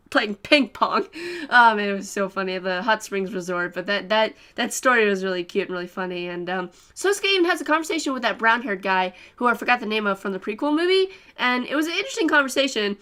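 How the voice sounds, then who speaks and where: A woman's voice: medium pitch, sharp tone. A young woman giving a casual, rambling anime review, full of fillers and giggles.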